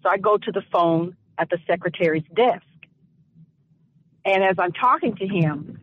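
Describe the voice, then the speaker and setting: Slow, emphatic woman on dull radio audio. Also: lowish voice, no echo. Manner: emphatic, slow, deliberate with repeated phrases. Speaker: radio talk show speaker. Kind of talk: impassioned commentary and personal storytelling.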